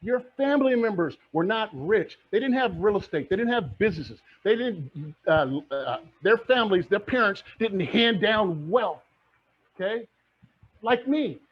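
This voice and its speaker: This middle-aged real estate mentor speaks unhurriedly in a high-pitched voice with lively intonation. His motivational presentation is fired up, with preacher-like repetition, and the recording sounds muffled and lo-fi.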